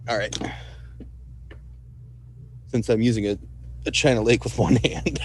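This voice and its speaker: A man's voice: medium pitch, measured pace, breathy edge. A man playing a tabletop game, matter-of-factly stating his actions. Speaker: player.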